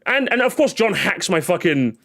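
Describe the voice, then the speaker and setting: A man streaming live, ranting in a casual, excitable way and swearing often. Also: sits high, normal speed. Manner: animated, excitable, swears a lot, repeats himself.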